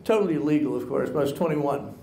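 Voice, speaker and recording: A man's voice: a little high, fast, vocal fry, warm tone, slight background noise. A male author giving a talk to a live audience at a college, telling wry, self-mocking anecdotes. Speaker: author and guest speaker. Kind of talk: humorous storytelling talk to an audience. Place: college lecture hall with an audience. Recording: echoey hall sound.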